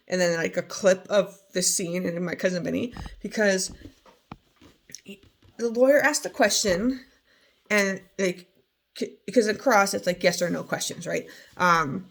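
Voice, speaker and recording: A woman's voice: mid-range voice, gravelly. A woman chatting casually as she recaps a trial, rambling with many fillers and restarts. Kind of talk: casual chat.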